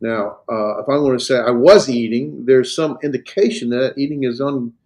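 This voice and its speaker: A man's voice: medium pitch, steady tone, moderate pace, a little mellow. Man explaining Greek grammar to a class. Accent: American Southern. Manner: explains patiently with many fillers and restarts. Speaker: Greek instructor. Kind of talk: classroom lecture and Q&A.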